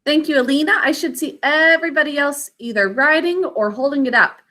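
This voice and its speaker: A woman's voice: high voice, brisk, sharp tone. A woman teaching an online spelling lesson to children over a video call, patient and careful as she sounds out words.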